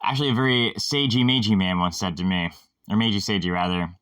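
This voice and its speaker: A man's voice: fairly low pitch, fast, a bit bright, dry recording, clean studio sound, distant mic. A man hosting a casual monologue, rambling, sarcastic and irreverent, swearing freely.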